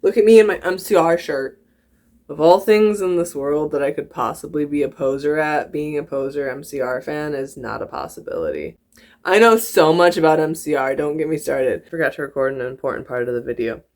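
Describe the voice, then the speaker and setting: A chatty, giggly vlogger rambles to camera in a put-on American country accent. The voice sits at a middling pitch, and the talk wanders from one aside to the next. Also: brisk, darkish tone. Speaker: YouTuber. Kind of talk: casual reaction vlog.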